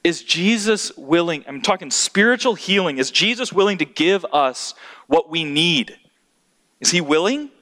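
A man preaching a sermon, swinging from high exclamations down to low, hushed emphasis. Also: expressive, a little slow. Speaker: pastor. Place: church hall.

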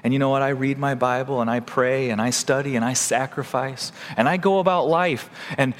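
A man preaching a sermon as pastor of a church, animated and acting out the voices he quotes. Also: a little high, long reverb tail.

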